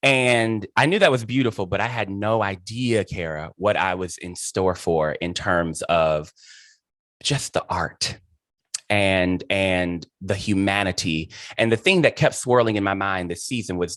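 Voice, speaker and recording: Gushing host with a dry sound. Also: male voice, sits low, measured pace, fairly bright tone, no room sound. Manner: gushing, emphatic, dotted with "child" and "honey". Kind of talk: effusive interview chat.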